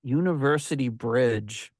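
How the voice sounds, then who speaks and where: A man's voice: medium pitch, unhurried, a little mellow, husky, no room sound, clean studio sound. A middle-aged American man hosting a casual podcast chat, laughing often and trailing off mid-sentence. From United States. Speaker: podcast host.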